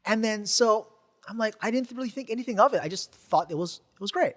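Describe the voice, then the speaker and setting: A man hosting a podcast, telling a story in a casual, animated way, with lots of fillers and repeated words. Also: high-pitched, fast talker, long reverb tail. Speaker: podcast host and teacher.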